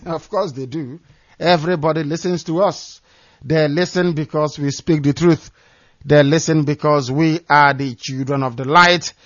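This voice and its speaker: A man's voice: a little high, no echo, muffled recording. A man hosting a call-in radio broadcast, delivering a scornful, preaching monologue. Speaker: radio host.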